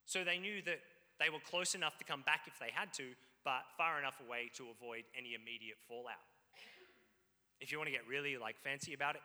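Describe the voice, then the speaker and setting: A man preaching a sermon, telling the story in an animated way with frequent asides to the congregation. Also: fairly high pitch. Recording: long reverb in a hall.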